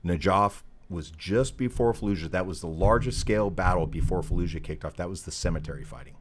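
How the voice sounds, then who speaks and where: A man's voice: sits low, brisk, a little hiss or hum. A middle-aged man telling a casual, profane military anecdote as a podcast guest. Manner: profane, animated anecdote teller. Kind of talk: casual storytelling.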